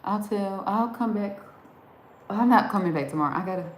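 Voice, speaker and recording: A woman from New Jersey with a Southern accent chats on a live stream, reading viewer comments, rambling and laughing often. Her mid-range voice moves fairly quickly, and the echoey room has faint background noise.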